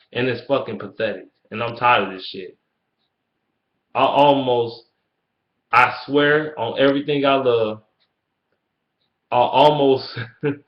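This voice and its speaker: Angry, profane man ranting. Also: mid-range voice. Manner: profane, heated, repetitive ranting. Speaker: sports fan vlogger. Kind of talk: angry fan rant. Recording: roomy, dull lo-fi sound.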